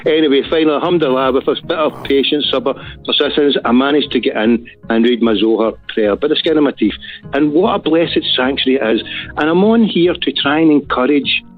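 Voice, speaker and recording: A man's voice: mid-range voice, breathy edge. A man from Glasgow with a Scottish accent, calling in to a talk show and speaking fervently, like a preacher making urgent appeals. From Glasgow, Scotland. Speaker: caller. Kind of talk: phoned-in call to a talk show. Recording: tinny phone line.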